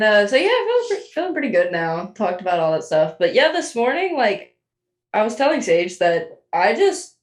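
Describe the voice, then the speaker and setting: Giggly young woman co-hosting in an echoey room. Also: medium pitch. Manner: giggly, rambling, laughs often. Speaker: podcast co-host. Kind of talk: casual chat.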